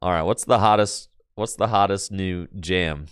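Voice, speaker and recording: A man streaming a card game on his computer, chatting casually and excitably with his viewers in slang, with bursts of laughter. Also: low voice, moderate pace, smooth, no room sound, studio quality. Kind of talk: casual live-stream chat while playing a card game.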